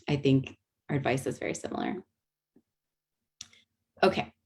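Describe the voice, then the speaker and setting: A woman with a low voice and a gravelly edge leads an online teaching webinar through a video call mic. She explains step by step, with plenty of ums and restarted phrases. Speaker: workshop presenter.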